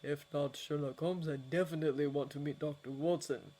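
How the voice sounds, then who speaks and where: A woman voicing a calm, wry male wizard auror in a fanfiction audiobook. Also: a little high, brisk, natural voice.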